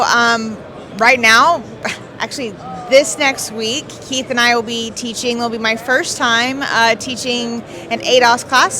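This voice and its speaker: Woman business owner, halting with fillers. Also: fairly high pitch, pushed and bright. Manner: hesitant, many fillers. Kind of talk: interview answers. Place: busy trade show floor. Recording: crowd chatter behind.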